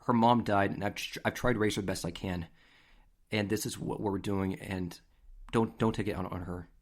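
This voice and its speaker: A man voicing a tearful, proud middle-aged father who speaks softly and stammers as he consoles. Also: fairly low pitch, fairly even intonation, a little fast.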